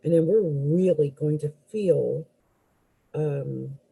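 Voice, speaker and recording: A woman's voice: low-pitched, slow pace, vocal fry, warm tone, breathy edge, rough recording. A woman astrologer giving a live tarot reading, musing aloud with hesitant fillers and restarts and exclaiming in surprise as cards fall out.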